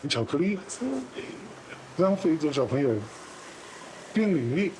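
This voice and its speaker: A man's voice: fairly high pitch, animated, measured pace, darkish tone, slight background noise. A man talking hesitantly and ramblingly in a recorded conversation.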